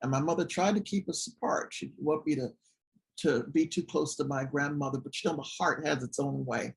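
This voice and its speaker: Speaking a little fast in a gravelly voice, this recovery support group leader from the Washington, DC area shares personal testimony. The storytelling is lively, rising to excited peaks and dropping into quiet, low asides.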